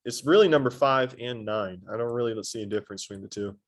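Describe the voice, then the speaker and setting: A man's voice: medium pitch, quick pace. Man teaching an anatomy class. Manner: quizzes the class, playful asides. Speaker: high school anatomy teacher. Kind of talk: classroom lecture.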